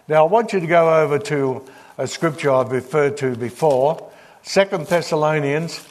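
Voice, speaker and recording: A man preaching a sermon in a church hall, with a slightly higher voice than most men. He teaches as he reads scripture aloud and stops to put questions to the congregation. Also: normal speed, a little mellow.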